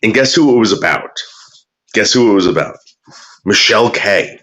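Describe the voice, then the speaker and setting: A man's voice: fairly low pitch, animated, fairly quick, bright, forceful tone. A man ranting crudely and bitterly in casual talk, drawling some words and muttering others. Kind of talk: profane casual rant.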